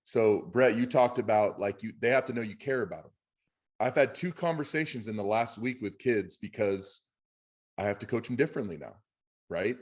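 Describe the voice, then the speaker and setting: A man co-hosting a podcast who coaches youth and high school players, talking in an earnest, heartfelt way. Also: animated, normal speed. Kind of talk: casual podcast conversation.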